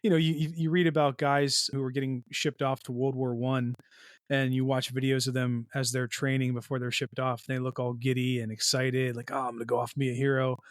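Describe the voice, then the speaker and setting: A male podcast host puts long questions to his guest, building them up with examples as he goes. His voice sits at a middle pitch, and the recording is dry and close. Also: little pitch movement, normal speed, no room sound. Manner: rambling, thinks aloud with examples. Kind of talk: casual interview questions.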